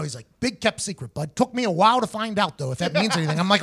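A man hosting a podcast, telling a story in an animated, profane way and acting out both sides of each conversation. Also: high-pitched, fast, creaky, hardly any pauses, breathy edge. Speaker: podcast host. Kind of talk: casual storytelling chat.

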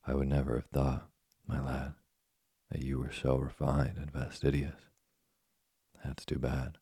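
A man voicing a poor, patient old woodcarver father in a storybook reading, speaking calmly in a gravelly, husky voice. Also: very deep voice, a little slow, no echo, exaggerated voice. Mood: gentle. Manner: gentle, calm and patient. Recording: dry close studio sound.

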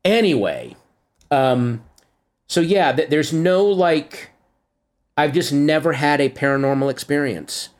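A middle-aged man, co-hosting a podcast in casual chat, telling animated stories and teasing his partner. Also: on the high side, takes it slowly. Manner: animated storyteller, teasing, jumps into quoted voices. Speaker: podcast co-host.

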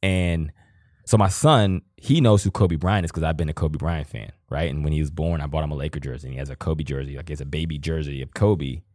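A man with a very low, deep voice speaks casually and from the heart, rambling through his thoughts and swearing freely. The sound is dry and close, with no room echo. He is in his thirties and co-hosting a podcast. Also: a little fast, darkish tone. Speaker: podcast co-host. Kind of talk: casual emotional conversation.

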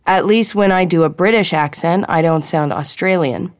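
A woman's voice: lowish voice, no echo, studio quality, lightly acted. A woman voicing a brash, eager young female field agent with a wisecracking manner. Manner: quick, wisecracking, conspiratorial.

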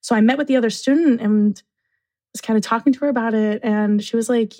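A woman who works in university residence life, telling a story casually and acting out what people said in lively voices. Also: a little high, fast talker. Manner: animated, acts out quotes.

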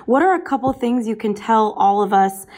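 A woman's voice: on the high side, expressive, moderate pace, a little mellow. A woman hosting a podcast interview, enthusiastic and affirming. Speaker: podcast host.

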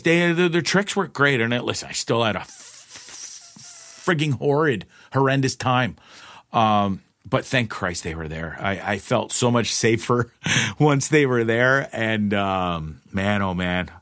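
A man's voice: mid-range voice, no room sound, clean studio sound. Profane man telling a wild story. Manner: animated, profane, laughs often, voices others in quotes. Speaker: podcast host. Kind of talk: casual storytelling monologue.

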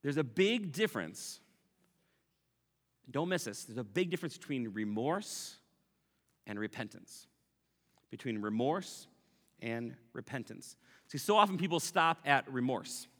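Bright-voiced man preaching in a hall. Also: medium pitch, a little slow, pauses often. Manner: animated preaching, acting out quoted apologies, playful asides. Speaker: pastor. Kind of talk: sermon.

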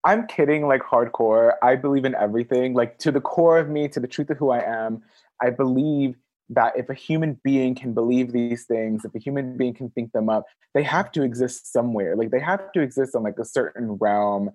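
A man guest on a podcast, chatting casually and telling stories with big acted-out quotes that jump high. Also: fairly quick, no echo. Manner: animated storyteller, acts out quotes in big high voices. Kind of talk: casual chat. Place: Los Angeles area.

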